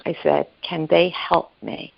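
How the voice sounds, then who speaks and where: A woman telling an emotional personal story as a guest, halting and repeating herself, acting out the voices of the people she quotes. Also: fairly low pitch, lively intonation, vocal fry, lo-fi sound. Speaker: guest sharing her story. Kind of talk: emotional personal testimony on a podcast.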